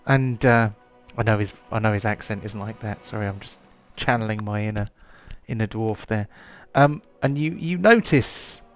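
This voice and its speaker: A man's voice: fairly low pitch, normal speed, faint music behind. A man running a tabletop game as game master, hesitant, with many ums and restarts.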